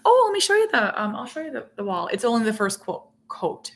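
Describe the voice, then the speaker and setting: A woman's voice: fairly high pitch, very animated, brisk, fairly bright tone. Chatty middle-aged woman on a live stream. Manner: rambling, chatty, reads out viewer comments. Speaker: vlogger hosting a live stream. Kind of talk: casual live-stream chat.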